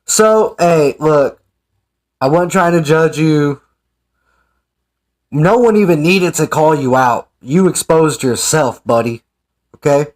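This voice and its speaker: A man giving casual, sarcastic ranting commentary as an online commentator. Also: fairly high pitch. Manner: sarcastic, mocking.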